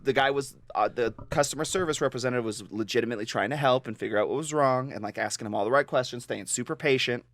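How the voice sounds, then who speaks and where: A man's voice: mid-range voice, fast, few pauses, fairly bright tone. A man co-hosting a podcast, telling stories in casual chat, laughing and swearing often. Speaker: podcast co-host.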